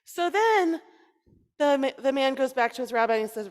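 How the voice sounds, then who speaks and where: Woman rabbi, playful storyteller, high voice, long reverb in a sanctuary. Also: normal speed. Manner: lively, playful, coaxing the children. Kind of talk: storytelling sermon to children. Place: synagogue sanctuary. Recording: long reverb in a large hall.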